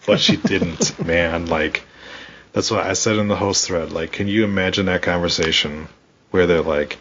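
On dull-sounding audio with a little hiss or hum, a deep-voiced man speaks at a measured pace as co-host of a casual wrestling podcast. His talk is an animated, profanity-heavy rant.

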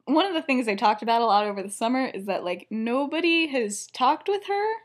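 A young woman chats on her podcast in a high, light voice, rushing through a story and breaking into giggles as she goes. Her speech is loose and chatty, packed with "like" and quick asides. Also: sing-song. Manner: giggly, talks in a rush full of "like" fillers. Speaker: podcast co-host. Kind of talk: casual chat retelling a fan story.

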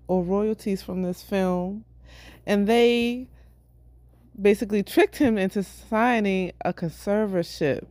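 A woman's voice: mid-range voice, a little mellow, dry recording. A woman co-hosting a podcast, chatting casually and laughing through banter about a fraud case. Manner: laid-back, laughing banter. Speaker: podcast co-host. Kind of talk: casual chat.

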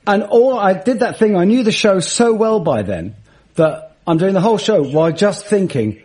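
A man with a husky voice, telling funny anecdotes in casual chat and laughing mid-sentence. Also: sits high, animated, normal speed, darkish tone. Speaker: guest, comedian and musician.

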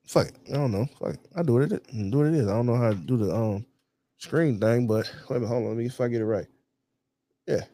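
A podcast host with a dark, mid-range male voice talks quickly, casually and bluntly to camera on his own show, swearing heavily and constantly saying "you know what I'm saying."

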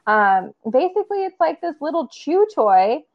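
A woman's voice: high voice, big pitch swings, normal speed, dull audio. A woman co-hosting a casual podcast as a therapist, chatty, laughing often and using lots of fillers.

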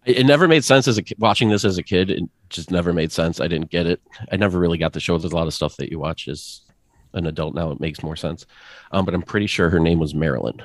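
Very deep-voiced hesitant man. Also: fast talker, no echo. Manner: hesitant, thinks aloud before answering. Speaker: quiz contestant. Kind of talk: casual chat.

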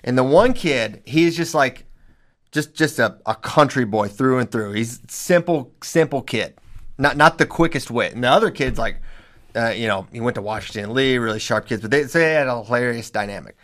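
A man who coaches high school wrestling, telling stories in casual podcast chat and laughing often. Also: normal speed. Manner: animated storyteller, laughs often.

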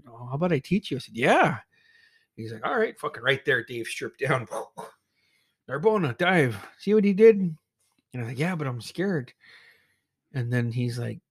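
A man's voice: mid-range voice, dry recording, studio quality. A man telling a childhood story in casual chat, swearing freely, laughing often and acting out his friends' voices. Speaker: podcast co-host.

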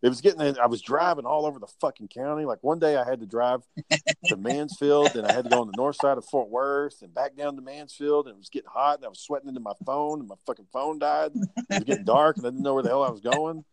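A man telling work stories in casual chat, animated and profane, acting out the people he quotes. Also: mid-range voice, quick pace.

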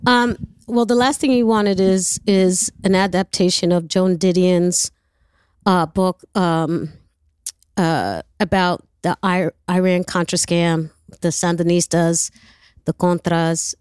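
A woman from New York, a guest telling a long, animated story in an interview and acting out the voices in it, swearing freely. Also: on the low side, clear, resonant tone, dry recording, studio quality. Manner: lively, acts out voices in her anecdotes, swears freely.

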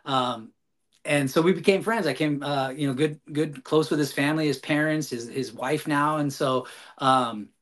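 A man's voice: a little high, moderate pace. A man guest on a podcast, telling a long story casually with many fillers and restarts. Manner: animated, rambling, frequent fillers and restarts.

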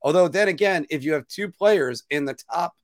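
A man's voice: fairly high pitch, normal speed, no echo, studio quality. A man co-hosting a casual hockey podcast, laughing at his own slips and mocking himself as he talks. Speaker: podcast co-host.

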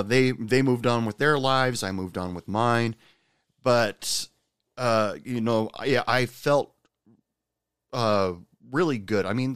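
A man's voice: lowish voice, clear, resonant tone, no room sound, studio quality. A man telling a personal workplace story in a loose, rambling way, full of fillers and restarts.

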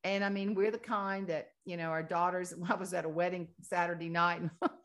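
A woman with a Southern American accent, a guest author chatting in an interview and telling folksy, animated stories that she often laughs through. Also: lowish voice, brisk. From Southern United States. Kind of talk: casual storytelling interview.

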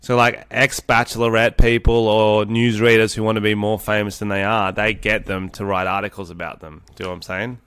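A man's voice: lowish voice, level tone, a little fast, hardly any pauses, a bit bright, smooth, no room sound. A man co-hosting a podcast in casual banter, joking and swearing as he rambles. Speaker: podcast co-host.

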